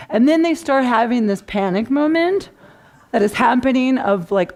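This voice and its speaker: A middle-aged woman giving a conference talk, animated and acting out clients' panicked voices. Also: on the high side, normal speed, creaky. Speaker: conference speaker. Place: conference room.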